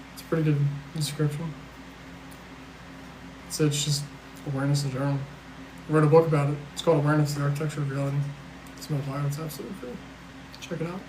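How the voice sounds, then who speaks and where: A man chatting casually on a livestream, rambling and blunt with a fair bit of swearing, reading out questions from chat and answering them. He sounds worn out. His voice sits a bit high for a man and is caught in an echoey room with a faint hiss underneath. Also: little pitch movement, quick pace, pauses often, darkish tone. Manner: rambling, blunt and profane, with restarts and sarcasm. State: tired. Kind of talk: casual live-stream chat.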